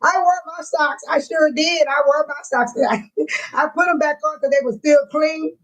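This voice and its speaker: A woman with a high voice chats to her livestream viewers. She repeats herself and breaks into laughter again and again as she talks. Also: fairly even intonation, moderate pace, rough recording. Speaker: livestream host. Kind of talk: casual chat to viewers.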